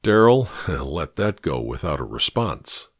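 With a slightly breathy edge, a man narrates an audiobook in a measured storyteller's manner, his pitch wandering all over. The sound is intimate and dry, with no room sound.

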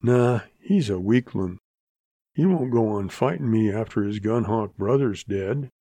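A man voicing a scheming, ruthless saloon owner and rancher in a Western audiobook, gruff and blunt. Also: lowish voice, lively intonation, measured pace, mellow, dry recording.

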